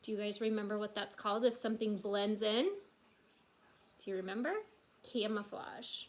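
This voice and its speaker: A woman teacher reading a picture book aloud to young children, expressive and full of questions to them. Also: medium pitch, moderate pace.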